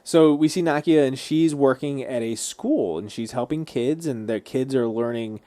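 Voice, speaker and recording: A man co-hosting a podcast, recapping scenes in a steady, easygoing way and often chiming in with quick agreement. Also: mid-range voice, no room sound. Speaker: podcast co-host. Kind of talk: casual chat, recapping scenes.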